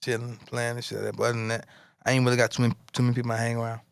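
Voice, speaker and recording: A man's voice: medium pitch, completely flat delivery, very fast, creaky, clean tone, no room sound, clean studio sound. A young man from Florida, a rapper guest, talking in a laid-back, slangy way in an interview. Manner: laid-back, slangy, repeats "you know what I'm saying". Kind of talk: casual interview chat.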